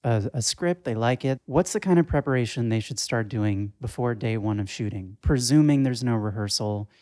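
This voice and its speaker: A man with a mid-pitched, everyday voice hosts a casual interview. He asks short questions and keeps an encouraging tone. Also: moderate pace, darkish tone, no room sound.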